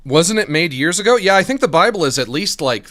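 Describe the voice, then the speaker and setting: A man streaming, reacting to a video with jokey, animated commentary, reading text aloud and sometimes talking with his mouth full. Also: a little high, a little fast.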